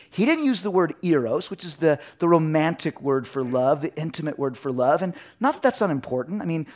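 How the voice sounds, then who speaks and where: Animated middle-aged male pastor preaching. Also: on the high side. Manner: animated storytelling, acts out his family's voices. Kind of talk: sermon with personal stories.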